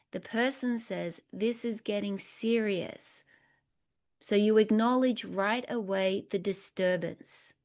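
Slow, gravelly woman leading a study. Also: mid-range voice. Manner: slow, deliberate, instructive, lists points one by one. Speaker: recovery program study leader. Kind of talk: step study lesson, reading aloud and explaining.

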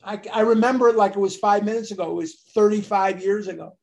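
A man's voice: high-pitched, quick pace, creaky, a little mellow. An older man sharing his story at a recovery meeting, earnest and confessional, with emphatic bursts. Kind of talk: personal storytelling share.

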